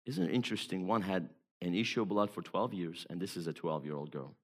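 Emphatic male preacher, hushed to loud. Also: deep voice, lively intonation, fairly quick. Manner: emphatic, swings between hushed storytelling and loud exhortation. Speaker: evangelist preacher. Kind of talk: sermon.

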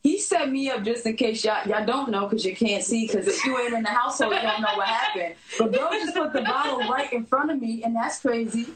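A woman with a slightly high voice chats as a guest, laid-back and joking. She leans on slang and tells stories in a loose, easygoing way. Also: a little fast, few pauses, a loud crowd, low-quality recording. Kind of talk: casual chat.

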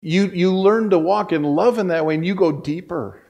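A male pastor preaching a sermon in a church, telling a personal story in a conversational way that swings between loud bursts and hushed asides. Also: sits high, normal speed, vocal fry, lo-fi sound.

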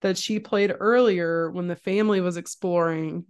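A woman's voice: normal speed, clear, resonant tone. A young woman co-hosting a podcast, casually retelling a horror film scene by scene and acting out the quotes. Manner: animated storyteller, acts out quotes with jumps in pitch. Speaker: podcast co-host.

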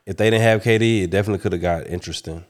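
A man in a casual sports chat, matter-of-fact, tossing questions to the others. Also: low voice. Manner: quick, matter-of-fact, asks others' views.

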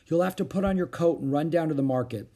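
A man's voice: on the high side, quick pace, warm tone, voice pushed up. A man reading a children's book aloud, voicing a flustered mother who stays firm. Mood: weary. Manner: anxious yet firm.

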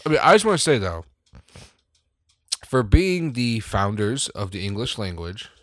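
A man's voice: on the low side, normal speed, dry recording. American man, crude podcast banter, swears a lot, laughs often, dry close sound. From United States. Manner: profane, animated, laughs often. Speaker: podcast co-host. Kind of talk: crude casual chat.

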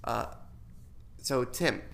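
A man's voice: extremely slow, a bit bright. A young man co-hosting a casual podcast, self-conscious and giggly, tripping over his words. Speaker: podcast co-host.

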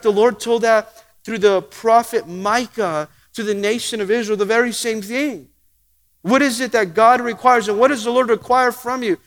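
A man preaching a sermon, slowing down to read scripture aloud and chuckling often. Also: high voice, long reverb tail. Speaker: pastor.

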